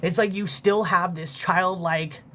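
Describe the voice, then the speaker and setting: A casual live-stream reader delivers an intuitive reading in a rambling, sincere way, swearing freely and thanking viewers as it goes. The voice sits at a middle pitch. A light background hiss runs under the talk. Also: steady tone, measured pace, fairly bright tone. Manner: loose, heartfelt, swears freely, heavy filler "like". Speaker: livestream spiritual reader.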